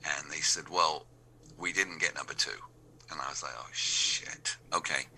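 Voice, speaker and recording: A man's voice: very deep voice, steady tone, moderate pace, bright, forceful tone, a little hiss or hum. A man with an English accent, a radio DJ telling anecdotes and acting out the dialogue of the people in them. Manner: acts out remembered dialogue in quoted voices. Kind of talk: anecdotal storytelling.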